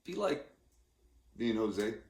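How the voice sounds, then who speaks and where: A man's voice: lowish voice, very animated, unhurried, darkish tone. Rambling man in his forties, roomy echo. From California. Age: 40s. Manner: rambling and self-interrupting, with many fillers and restarts. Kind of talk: casual rambling monologue. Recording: roomy echoey room.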